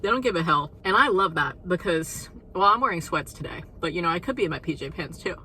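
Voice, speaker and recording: Her voice lowish and expressive, a young woman vlogger speaks fast in a pushed, bright way, out of breath after walking uphill. She chats casually to camera, full of "like" and "you know," over poor audio with a little hiss or hum.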